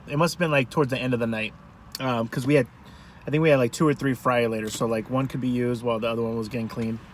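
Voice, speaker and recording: A man food vlogger telling a rambling, animated story to camera from a parked car. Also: mid-range voice, slight background noise. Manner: rambling, animated, self-interrupting.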